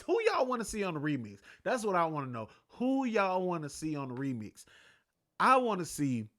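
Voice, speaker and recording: A man with a fairly bright, somewhat high voice hosts his own sports talk podcast, rambling loosely and swearing as he chats casually by himself.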